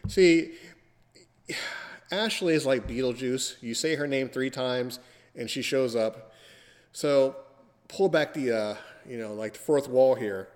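A man's voice: mid-range voice, huge pitch swings, takes it slowly, long pauses, a little mellow, long reverb tail. Teasing man hosting a podcast. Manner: playful, teasing, theatrical. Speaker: podcast host. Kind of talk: casual podcast chat.

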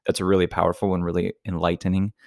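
A man's voice: deep voice, monotone, fast talker, vocal fry, darkish tone, no echo, studio quality. A man from Alabama, co-hosting a podcast in a thoughtful, earnest, rambling way. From Southern Alabama, US. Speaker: podcast co-host. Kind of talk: casual podcast chat.

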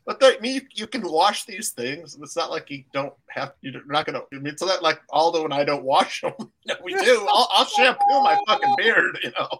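A man's voice: on the high side, very animated, a little fast, few pauses, fairly bright tone, a little hiss or hum. A man co-hosting a podcast, tossing out joking, profane asides in casual banter. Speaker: podcast co-host.

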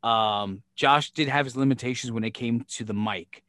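A man's voice: mid-range voice, normal speed, no echo. A man telling backstage stories in a casual podcast chat, swearing freely and acting out the exchanges he recalls. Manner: profane, animated storyteller who acts out quoted exchanges. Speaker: former wrestling promoter and show booker.

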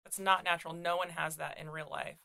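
Gravelly, bright young woman, blunt. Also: lowish voice, fairly even intonation, fairly quick. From California, USA. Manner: blunt, sardonic. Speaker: podcast co-host, comedian. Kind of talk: casual chat.

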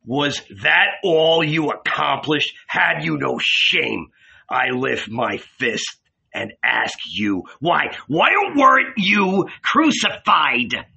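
A man voicing an anguished, furious adult male disciple who shouts and wails his accusations in a storybook reading. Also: a little high, big pitch swings, slow, creaky, slightly rough, highs cut off, heavily acted.

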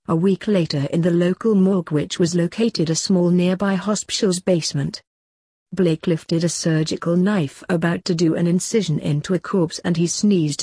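A woman reading a story aloud in an even, unhurried way. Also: lowish voice, slightly rough, no room sound.

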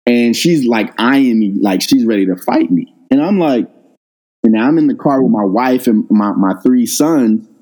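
A middle-aged man, a guest on an interview, telling a personal story in a casual, animated way and jumping up in pitch when he quotes himself. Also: a little slow, rough recording. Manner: animated retelling, rises sharply when quoting himself. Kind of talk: conversational storytelling.

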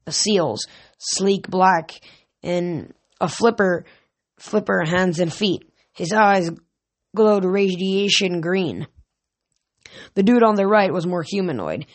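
A casual first-person audiobook narration with a plain, unpolished delivery. The reader often stumbles over a word and corrects it before going on. It sounds like a home reading rather than a studio production. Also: mid-range voice.

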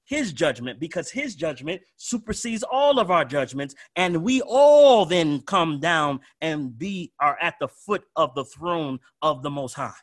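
A man preaching a sermon, repeating phrases emphatically and moving between quiet and loud delivery. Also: a little high, very animated, measured pace, few pauses. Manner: emphatic, swings from soft to loud with repetition.

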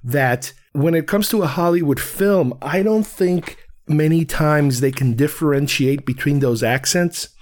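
A man's voice: fairly high pitch, unhurried, few pauses, darkish tone. A man from New York talking casually about films, wandering off on tangents and often restarting his sentences. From Queens, New York. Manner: digressive, restarts thoughts often. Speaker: film reviewer. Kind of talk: casual film commentary.

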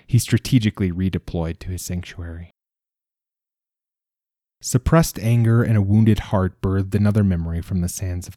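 A deep, dark-toned male audiobook narrator reads a scripted fantasy story in a measured, dramatic way. The studio sound is clean with no echo.

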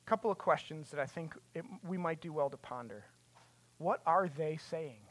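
A preacher delivering a sermon with passion, asking rhetorical questions and building to loud, emphatic peaks. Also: mid-range voice, normal speed.

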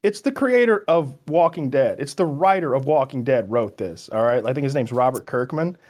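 A man co-hosting a podcast in casual chat, talking in an excitable, rambling way and swearing freely. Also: mid-range voice, moderate pace. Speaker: podcast co-host.

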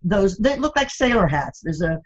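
A woman's voice: mid-range voice, very animated, moderate pace, dull audio. An older woman chatting as an interview guest, telling family stories and laughing often. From Florida, USA. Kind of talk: casual interview chat.

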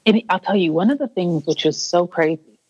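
A woman's voice: lowish voice, animated, fairly quick, darkish tone, slightly rough, no room sound, lo-fi sound. A woman interview guest earnestly recounting a personal story, restarting her sentences and acting out the voices she quotes.

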